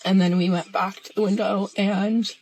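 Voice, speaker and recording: A woman in a tearful, halting, emotional confessional vlog. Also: mid-range voice, level tone, a little mellow, slight background noise, low-quality recording. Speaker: social media poster.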